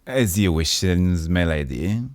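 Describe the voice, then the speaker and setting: A man's voice: low-pitched, expressive, takes it slowly, dry recording. A man voicing a prim, haughty middle-aged tailor who scolds in a condescending way.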